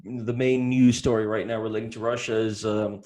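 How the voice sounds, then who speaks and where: A man hosting an interview podcast, talking casually with halting restarts and retelling comedy bits. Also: on the low side, little pitch movement, dark tone. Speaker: podcast host.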